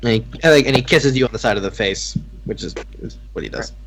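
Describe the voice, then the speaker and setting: A man's voice: mid-range voice, fast talker, noisy background. Man narrating as game master. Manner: rambling, filler-heavy narration.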